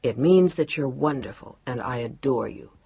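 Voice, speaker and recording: A woman voicing an emotional young man in love in an audiobook, speaking softly and tenderly. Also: a bass voice, animated, normal speed, creaky, husky, dry recording, lo-fi sound, voice pushed down, exaggerated voice. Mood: loving.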